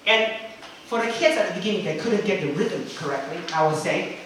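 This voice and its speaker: A man's voice: sits high, animated, fairly quick, a bit bright, a little hiss or hum. Man, chatty teacher trainer; recorded far off in a very echoey room. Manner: chatty, frequent "okay?" checks, demonstrates chants. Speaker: English teacher.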